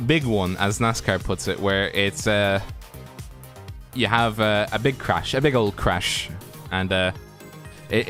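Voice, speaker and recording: A man's voice: lowish voice, fairly bright tone. A man co-commentating a sim race broadcast, easygoing and rambling with fillers.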